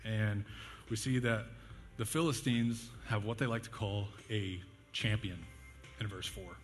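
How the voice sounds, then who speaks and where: A man's voice: fairly low pitch, fairly even intonation, a little slow. A young man preaching a casual sermon, conversational and jokey, telling stories and leaning on fillers. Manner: conversational, jokey, self-deprecating, with fillers and laughs. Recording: long hall reverb, faint music behind.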